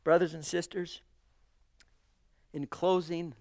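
A man preaching with fervor in a high voice, calling his listeners brothers and sisters. He swings from quiet, hushed lines to loud, rising exclamations. The sound is close and dry, with no room echo. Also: animated, moderate pace. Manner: addresses congregation as brothers and sisters. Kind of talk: sermon. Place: church.

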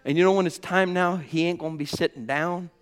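A man preaching a sermon with fervor, swinging between hushed tones and ringing exclamations and calling his listeners brothers and sisters. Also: a little high, steady tone, fairly quick, clean tone. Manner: addresses the congregation as brothers and sisters.

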